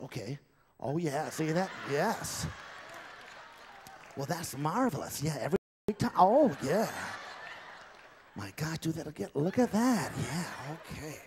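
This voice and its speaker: Brief: male ventriloquist, fairly high voice, coaxing stage patter with lots of uh-huhs, on a stage mic. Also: very animated, a little slow, noisy background. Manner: coaxing, chatty with many uh-huhs and fillers. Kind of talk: live comedy stage patter. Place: live theatre stage.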